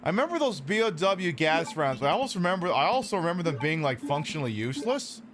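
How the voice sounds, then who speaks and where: A man's voice: on the high side, big pitch swings, quick pace, very noisy. A man casually commenting on a game he is streaming, sarcastic and profane, rambling between topics.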